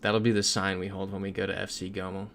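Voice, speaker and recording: A man's voice: low voice, flat delivery, quick pace, creaky, a bit bright, slight background noise. A young man from Florida, chatting casually on a livestream while he plays, reading out viewer comments and laughing often. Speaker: streamer.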